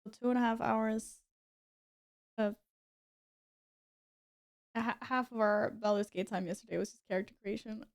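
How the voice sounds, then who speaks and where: A woman streamer chatting casually with her viewers, chatty and quick to apologize and giggle. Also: fairly high pitch, fairly even intonation, vocal fry. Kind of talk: casual live-stream chat.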